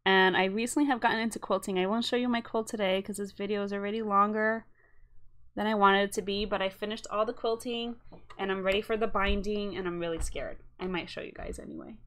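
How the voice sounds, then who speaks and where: Young woman vlogger at home, casual and rambling, mid-pitched voice, lots of asides. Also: steady tone, fast, fairly bright tone. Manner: chatty and rambling, with asides and apologies. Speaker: cross-stitch vlogger. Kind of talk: casual chat showing a craft haul.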